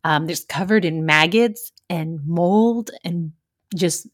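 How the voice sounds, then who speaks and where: A woman's voice: lowish voice, slow pace, no echo, studio quality. A woman who works crime scenes, casually telling a gross work story with candid laughs.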